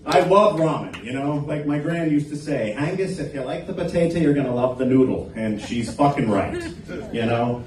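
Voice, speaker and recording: A man's voice: mid-range voice, animated, moderate pace, darkish tone, a little hiss or hum. A man doing an open mic stand-up set in a small comedy club, crude and teasing the crowd. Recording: echoey club, recorded from a distance.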